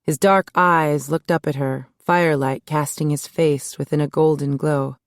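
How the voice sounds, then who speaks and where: A woman narrates an audiobook in a smooth, measured voice. Her pitch is low for a woman. The recording is close and dry, with no room sound. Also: fairly even intonation, no echo. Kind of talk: scripted narration.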